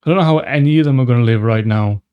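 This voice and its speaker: A man's voice: mid-range voice, racing, highs cut off. A man hosting a live movie reaction, talking emotionally to the screen and swearing as he watches. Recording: noisy with loud film audio.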